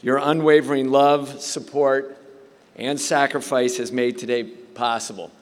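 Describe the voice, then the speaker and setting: A man's voice: medium pitch, flat delivery, measured pace, a little hiss or hum. A middle-aged man giving a commencement speech, telling joking stories at his own expense. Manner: joking storyteller, self-deprecating. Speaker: commencement speaker. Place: large hall at a graduation. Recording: long reverb of a large hall.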